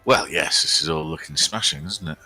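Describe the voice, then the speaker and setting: Low-voiced guy w a bright edge, dry jokey commentary while gaming. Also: brisk, soft background music. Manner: dry, joking, mock-earnest. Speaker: streamer playing a game. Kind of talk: casual chat over gameplay.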